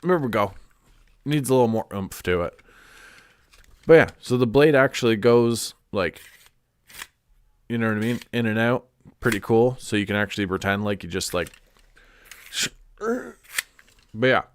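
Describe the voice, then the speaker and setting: A man's voice: fairly low pitch, measured pace, long pauses, smooth. A man chatting casually on a live stream, congested and rambling with lots of "like" and restarts. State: stuffed up, congested.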